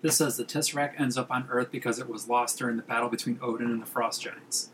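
A man's voice: medium pitch, fairly even intonation, fast talker, a bit bright, slight background noise, poor audio. A man co-hosting a casual podcast chat who argues his point insistently.

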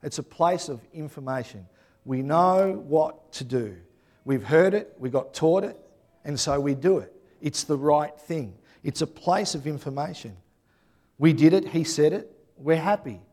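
A man's voice: fairly high pitch, animated, unhurried, darkish tone. A man preaching a sermon in a conversational way, often checking in with the congregation by asking "yeah?".

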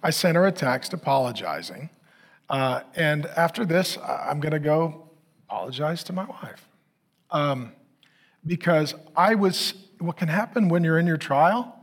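A man's voice: on the high side, expressive, a little slow. A middle-aged male pastor preaching, telling a candid, self-mocking story about his marriage to the congregation. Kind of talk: sermon.

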